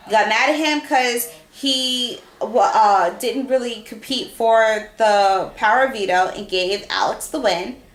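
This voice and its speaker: A woman's voice: on the high side, a bit bright. A woman recapping a reality show as a fan, arguing her points and talking straight to the people she discusses. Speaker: fan commentator. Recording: echoey room with faint noise.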